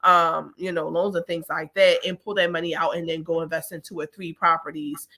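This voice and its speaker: A woman co-hosting a casual money talk, chatty and animated, telling stories with many fillers. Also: deep voice, fairly quick. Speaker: co-host.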